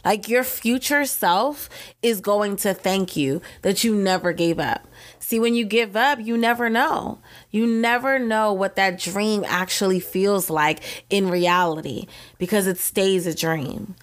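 A woman's voice: medium pitch, a little slow. A young woman hosting her own podcast, talking in an effusive, encouraging way and repeating phrases for emphasis. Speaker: podcast host. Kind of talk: motivational solo podcast talk.

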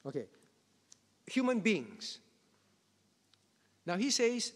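Male pastor, high-pitched, repeats his points with emphasis, long hall echo. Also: huge pitch swings, slow, long pauses. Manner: repetitive, emphatic, chuckling asides. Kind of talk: Bible teaching to a congregation.

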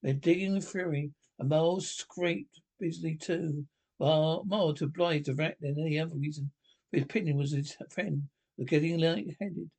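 Gravelly man reading a storybook aloud. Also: on the high side, steady tone, darkish tone. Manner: halting reading with frequent restarts. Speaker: storybook reader. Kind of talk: reading a children's novel aloud.

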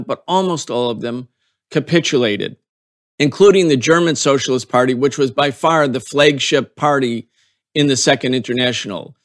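Earnest man explaining political history. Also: medium pitch. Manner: earnest, building emphasis with repeated phrases. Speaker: podcast host.

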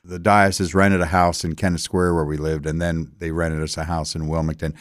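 A man's voice: low-pitched, little pitch movement, a little fast, dry recording, clean studio sound. An older man from Delaware, telling family stories in a casual interview, rambling with many fillers. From Delaware, USA. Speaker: interview guest.

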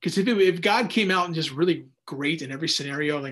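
A man with a notably high speaking voice leads a Bible study in a relaxed, conversational way. He rambles a little, restarts his sentences, and drops into quick acted-out asides. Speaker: Bible teacher. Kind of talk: casual Bible study teaching.

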